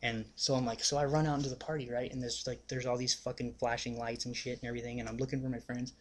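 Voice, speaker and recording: A man's voice: mid-range voice, level tone, quick pace, slight background noise. A young man casually telling a story on his vlog, rambling and swearing, with constant "like" and "you know". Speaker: vlogger.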